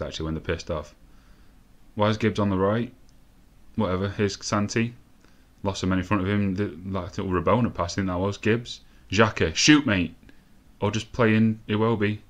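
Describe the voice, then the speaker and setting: Young male gamer host, lowish voice, loose, excitable and profane play-by-play at his desk mic. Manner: sweary, excitable, rambling asides. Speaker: gaming let's-play host. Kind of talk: casual live game commentary.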